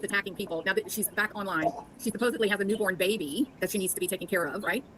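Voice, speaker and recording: Sarcastic, fast-talking middle-aged commentator woman. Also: medium pitch, fairly bright tone, slight background noise, low-quality recording. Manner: sarcastic, quizzing the audience. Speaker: drama commentator.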